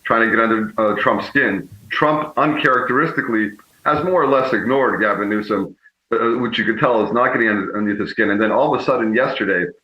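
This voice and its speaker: A man speaking as a political strategist guest, measured and often correcting himself mid-sentence. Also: on the low side. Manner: measured, frequently self-correcting. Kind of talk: remote guest commentary. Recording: echoey, muffled remote feed.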